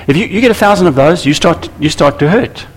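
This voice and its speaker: A man preaching a sermon to church leaders, animated and acting out little scenes with voices. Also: fairly high pitch, fast talker, slight background noise. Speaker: pastor.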